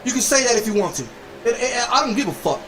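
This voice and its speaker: In a very high-pitched, expressive voice and at a quick pace, a male game streamer rants angrily while a crowd is heard behind him. He keeps cursing, hurling insults, and making threats.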